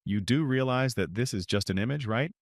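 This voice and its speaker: A man's voice: medium pitch, a little fast, no room sound, studio quality, lightly acted. A man voicing a brash, cocky young male warrior in a recap story. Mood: pushy. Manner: boastful, pushy.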